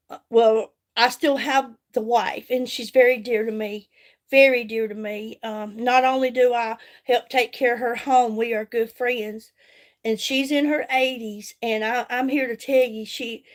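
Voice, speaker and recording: A folksy middle-aged woman with a drawl talks into her phone during a live makeup stream. Her voice sits a little high, and she chats warmly with her viewers, calling them by name between steps.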